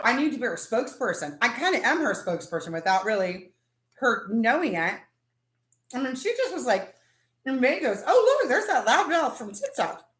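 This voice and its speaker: A woman hosting a casual live chat from her kitchen, excitable and gushing about food. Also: fairly high pitch, reverberant. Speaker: livestream host.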